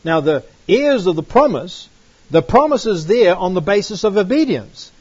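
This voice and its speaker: A man's voice: high-pitched, expressive, normal speed, slightly rough. A man giving a Bible teaching, reading verses aloud and asking emphatic rhetorical questions. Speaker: preacher. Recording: dull dry lo-fi recording.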